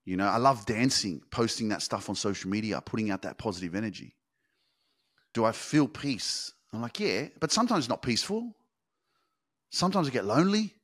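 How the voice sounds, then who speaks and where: A man hosting a motivational podcast, speaking with intense, profane emphas and swinging between hushed and shouting. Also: lowish voice, animated, a little fast, breathy edge. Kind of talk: motivational monologue.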